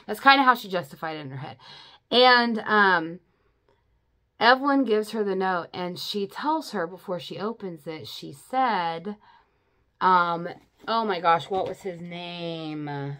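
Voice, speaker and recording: A woman's voice: on the low side, measured pace, fairly bright tone. A young adult woman recapping a novel for her viewers in a casual, chatty way, full of "you know" and "like" and openly emotional about the story. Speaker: book reviewer. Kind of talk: casual spoken book recap.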